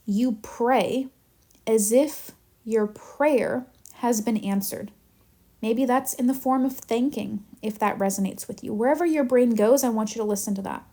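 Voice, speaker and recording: A woman manifestation coach teaching in a live Q&A, animated and chatty as she tells stories. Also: a little high, measured pace.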